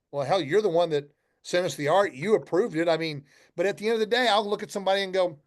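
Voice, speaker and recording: High-voiced and quick, a middle-aged man who founded a company tells stories as a podcast guest. The interview is casual, and his tales are blunt and folksy, with some cursing as he voices both himself and his customers.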